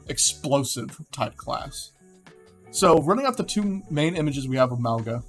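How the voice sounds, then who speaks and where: Rambling young man talking game ideas. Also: medium pitch. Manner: rambling, self-correcting, lots of fillers. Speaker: gaming video creator. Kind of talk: casual commentary on game hero concepts.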